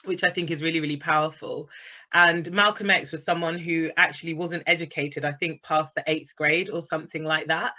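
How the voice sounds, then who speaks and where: Woman leading a book club on a video call, really bright voice, kinda muffled lo-fi sound. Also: low-pitched. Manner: enthusiastic, chatty, reads out comments. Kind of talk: online talk to a group.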